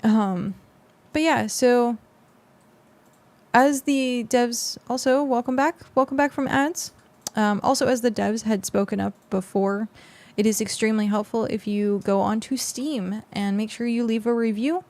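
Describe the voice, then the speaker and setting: A woman's voice: on the high side, unhurried, a little mellow. A young adult woman streamer chatting casually with her viewers on a close mic, rambling with lots of fillers. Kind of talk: casual livestream chat with viewers.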